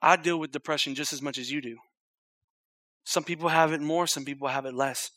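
A man's voice: a little high, steady tone, a little fast, dry recording. Impassioned male preacher, dry close voice. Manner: swings from loud urgent repetition to hushed near-whispered intimacy. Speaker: pastor. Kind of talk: sermon.

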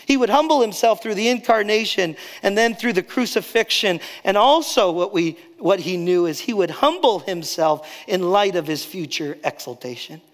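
A male pastor preaching a sermon, rising on key phrases and dropping soft and slow to drive points home. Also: high voice, lively intonation, in a large hall.

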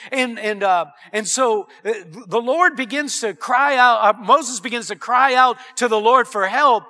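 A man's voice: very high voice, unhurried, few pauses, bright, forceful tone. A man preaching a sermon as pastor, earnest and emphatic, breaking into exclamations.

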